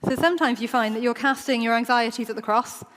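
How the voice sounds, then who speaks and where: A woman's voice: a little high, fast, a bit bright. A woman preaching a sermon in a church, talking in a conversational way and acting out the quoted voices. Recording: long church reverb.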